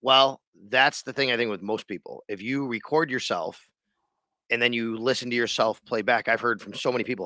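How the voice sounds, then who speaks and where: A man's voice: mid-range voice, a little fast, pushed and bright, no echo. A man hosting a sports podcast, also a radio host, who talks in a rambling, loose, conversational way. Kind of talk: casual sports podcast chat.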